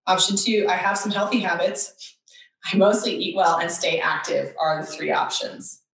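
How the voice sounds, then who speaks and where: A woman's voice: lowish voice, moderate pace, vocal fry, fairly bright tone, a little hiss or hum. A woman host chatting casually and reading quiz questions aloud with sarcastic asides. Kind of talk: casual chat. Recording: echoey room, somewhat far from mic.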